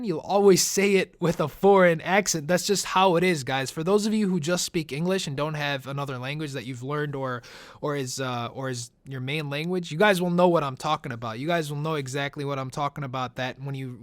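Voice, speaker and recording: A young gaming YouTuber who grew up speaking Italian answers viewer questions in a laid-back, chatty Q&A over gameplay, often calling his audience "man" and "guys." His voice is a little high, recorded with clean studio sound and no room sound.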